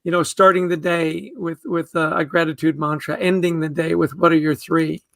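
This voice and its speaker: Man, guest author, high voice, gravelly, earnest and emphatic, stumbles on repeated words, dry sound. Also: flat delivery, moderate pace, a bit bright, no echo. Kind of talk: podcast interview conversation.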